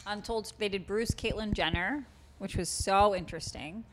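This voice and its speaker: A woman's voice: mid-range voice, moderate pace, a bit bright, a little hiss or hum. A woman with a Boston accent co-hosting a podcast, loose and joking, swearing often in casual chat. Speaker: podcast co-host.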